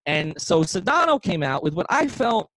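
A man co-hosting a sports podcast, telling rambling, animated stories with lots of restarts and asides. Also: sits high, moderate pace, no room sound, low-quality recording. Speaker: podcast co-host. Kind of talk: casual sports chat.

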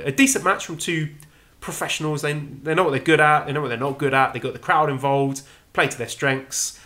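Bright-voiced man giving wry recaps. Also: mid-range voice. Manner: measured, wry play-by-play recap. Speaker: podcast co-host. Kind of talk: casual wrestling review chat.

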